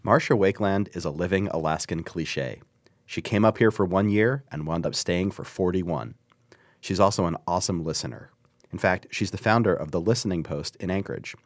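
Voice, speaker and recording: A man hosting a radio show, calmly reading scripted introductions in a studio. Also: deep voice, normal speed, dry recording. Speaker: radio host.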